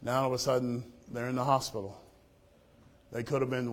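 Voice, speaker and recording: A man preaching a sermon, telling stories and acting out the people he quotes, then leading a rising, loud prayer. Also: medium pitch, brisk, pauses often. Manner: lively storytelling, quoting others in changing voices.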